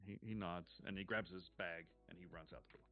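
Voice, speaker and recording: A man running a tabletop role-playing game as game master, narrating in a measured, descriptive way with casual swearing. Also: low-pitched, fairly even intonation. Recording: dull lo-fi stream audio with faint music.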